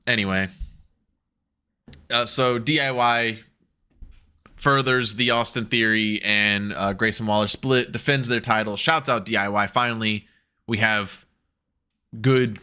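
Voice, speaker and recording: A man co-hosting a casual wrestling podcast on a headset, swearing freely and often laughing as he acts out quotes in a higher voice. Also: pushed and bright, clear, resonant tone. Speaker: podcast co-host. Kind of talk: casual chat.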